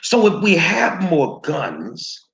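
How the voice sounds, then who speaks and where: A man hosting his own show who speaks slowly, in a higher-than-usual voice that swings widely in pitch. His commentary is angry, profane and confrontational, aimed straight at his viewers. He often repeats words as he pushes on. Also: wildly swooping pitch, gravelly, a bit bright. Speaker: show host. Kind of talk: heated commentary addressed to viewers.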